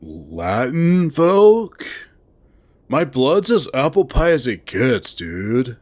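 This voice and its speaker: A man's voice: mid-range voice, sing-song, very slow, a little mellow, exaggerated voice. A man voicing a young male furry slacker in a visual novel, talking in a sarcastic, drawling, exasperated way. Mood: wry.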